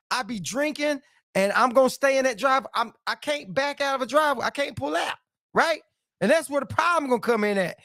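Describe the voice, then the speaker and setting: Middle-aged male stream host, high voice, dry close sound, playful and repetitive banter. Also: fairly bright tone, no room sound. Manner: playful, repeats phrases, laughs often. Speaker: livestream host reading viewer comments. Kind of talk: casual joking livestream chat.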